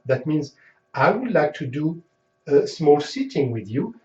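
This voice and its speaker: A man teaching a lesson in a slow, unhurried way, his pitch rising and falling a lot as he repeats example phrases. His voice is mellow and somewhat dark. The recording is dull and roomy, as if the mic sat a little away from him. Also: animated. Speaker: language teacher. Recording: echoey room, dull sound, mic at a distance.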